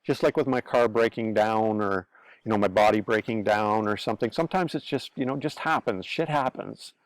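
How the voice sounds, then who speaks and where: A man's voice: on the low side, a little fast, dry recording. A man talking in a casual advice monologue, blunt and earnest, repeating himself and swearing freely. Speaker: online pastor-commentator.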